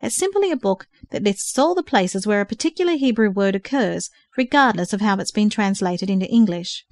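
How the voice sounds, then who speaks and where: A woman's voice: mid-range voice, expressive, a little fast, no room sound, lightly acted. A woman reading the part of a patient older male mentor who carefully explains study books. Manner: careful explaining, gently instructive.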